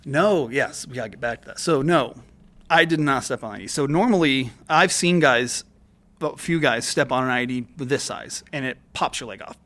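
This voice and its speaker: Recorded on a podcast studio mic, this guest, a military veteran, spins a profane, filler-laden story in a relaxed manner. He has a mid-range voice at normal speed with a slightly bright quality.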